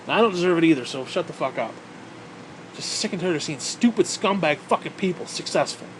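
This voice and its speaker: Guy ranting to camera, cussing every other word, sarcastic, kinda high voice, faint hum behind. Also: lively intonation, fairly quick. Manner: angry, swearing constantly, sarcastic. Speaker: vlogger. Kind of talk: profane ranting monologue.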